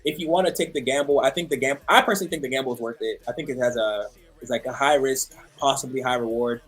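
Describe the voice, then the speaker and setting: A man with a husky, slightly rough voice chats casually about sports as a podcast co-host. He hesitates and repeats words as he goes, often pulling the talk back on track. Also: medium pitch, fast, fairly bright tone. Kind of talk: casual fantasy football chat.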